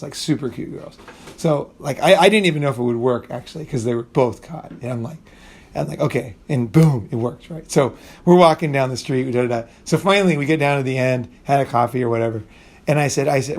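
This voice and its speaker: A man's voice: medium pitch, darkish tone. A middle-aged man telling a rambling, profane story in casual talk, often restarting sentences and acting out what people said. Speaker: channel host.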